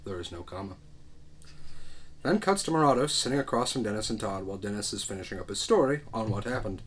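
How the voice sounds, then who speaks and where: A man's voice: fairly low pitch, expressive, quick pace, slightly rough. A man reading a comedy script aloud, narrating the action and adding dry, wry asides. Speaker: script reader.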